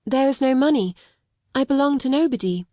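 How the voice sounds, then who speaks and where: A woman reading the part of a quiet, sad young orphan girl in an audiobook, steady and unrelenting. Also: high-pitched, brisk, no room sound, studio quality, pitched above the performer's own voice.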